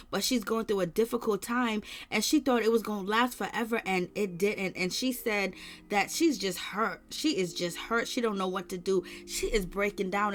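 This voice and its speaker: A woman giving casual celebrity gossip commentary, retelling the drama with emphatic repetition. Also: medium pitch.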